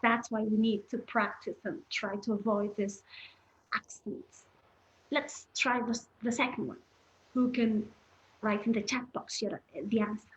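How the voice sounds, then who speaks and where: Woman, higher voice, encouraging webinar teacher, muffled lo-fi audio. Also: level tone, unhurried. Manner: encouraging, explains patiently, addresses the chat. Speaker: English pronunciation teacher. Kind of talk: online webinar lesson.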